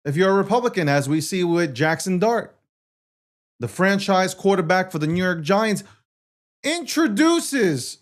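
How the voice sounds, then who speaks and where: Young guy ranting loud about the markets, curses a lot, kinda high voice. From United States. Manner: loud, animated ranting with frequent cursing. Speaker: host. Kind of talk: fast, profane commentary.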